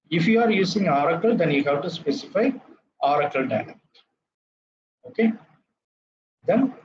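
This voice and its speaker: A man's voice: on the high side, highs cut off, slight background noise. A man with an Indian English accent teaching a live coding lecture. He repeats terms and checks in with "right?" after each step.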